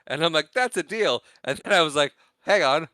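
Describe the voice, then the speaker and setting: Bright, crisp-voiced man recapping a movie. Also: a little high, normal speed, no room sound. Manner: animated retelling, acts out quotes, laughs often. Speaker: podcast co-host. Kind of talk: casual movie recap chat.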